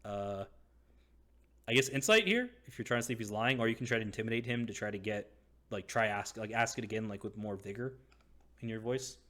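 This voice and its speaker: A man narrating as game master in a casual, halting way. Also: on the low side, lively intonation, a bit bright. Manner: casual, halting, lots of fillers.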